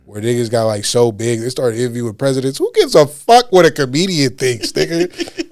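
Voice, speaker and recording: Gravelly-voiced comedian riffing loudly. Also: male voice, medium pitch, brisk, dry recording, clean studio sound. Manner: animated, profane, laughing riffs. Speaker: stand-up comedian guest. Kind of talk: casual podcast chat.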